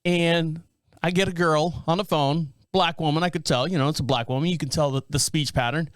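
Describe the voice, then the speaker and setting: A middle-aged man hosts his podcast in a casual, rambling monologue. He circles back, restarts his sentences and leans on fillers. His voice sits a little high and sounds dry and close on the microphone. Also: fairly even intonation, a little fast, no room sound. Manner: rambling, full of fillers and restarts, self-described scatterbrained. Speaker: podcast host.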